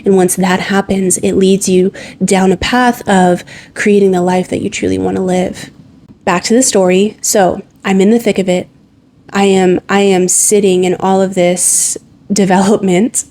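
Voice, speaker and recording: A woman's voice: medium pitch, level tone, unhurried, darkish tone, a little hiss or hum. A young adult woman narrating her own story in a candid, conversational way, often using "like" as a filler.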